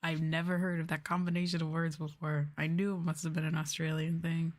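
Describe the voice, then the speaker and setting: Young woman doing soft asmr talking, kinda low voice, rambly and chatty. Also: level tone, fairly quick. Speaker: streamer. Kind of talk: soft-spoken ASMR chat.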